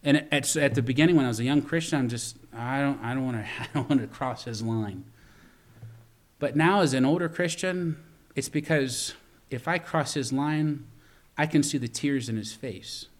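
A man's voice: mid-range voice, moderate pace. A middle-aged man preaching a sermon as pastor, earnest and full of stories, with frequent stumbling restarts.

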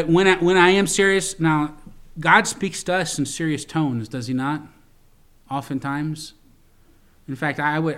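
Male pastor, middle-aged, a bit high-pitched, sermon delivery, conversational and repetitive. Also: fairly bright tone. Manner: preaching with frequent "Amen?" calls to the congregation; repeats words and restarts, folksy storytelling.

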